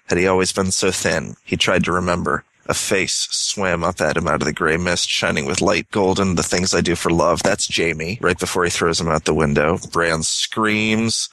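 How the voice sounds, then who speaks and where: A man co-hosting a casual book podcast. He reads passages aloud, then slips into loose, quick summaries. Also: sits low, pushed and bright, no room sound. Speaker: podcast co-host.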